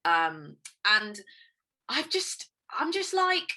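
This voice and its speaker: A woman's voice: medium pitch, very animated, drawn-out words, sharp tone. A woman in a casual interview who talks about her choices candidly and spontaneously, with emphatic bursts and easy laughs. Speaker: guest, singer and actress. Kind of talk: casual conversation.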